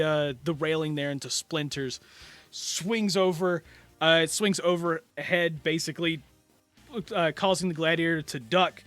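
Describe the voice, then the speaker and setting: A man's voice: a little high, a bit bright, no room sound. A man narrating a tabletop game as game master, in a loose, rambling way full of fillers.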